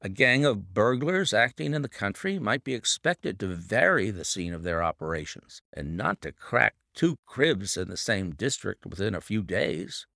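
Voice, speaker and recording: A man voicing a thoughtful, shrewd detective who muses in measured sentences. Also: fairly low pitch, sing-song, creaky, pushed and bright, no echo, clean studio sound, exaggerated voice. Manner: measured, musing. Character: shrewd, thoughtful male detective, middle-aged.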